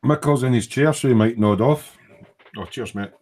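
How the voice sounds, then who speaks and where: A man's voice: mid-range voice, moderate pace, darkish tone. A Scottish man hosting a late-night live model-making stream, joking, swearing and muttering as he works at his bench. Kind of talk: casual late-night chat while building a kit. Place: at a hobby workbench.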